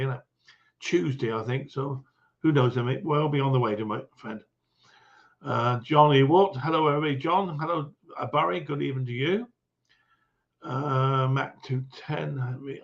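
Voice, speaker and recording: A man's voice: medium pitch, vocal fry, highs cut off. Chatty man hosting a livestream. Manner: chatty, greets viewers one by one, chuckles often. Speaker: livestream host. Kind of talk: casual livestream chat.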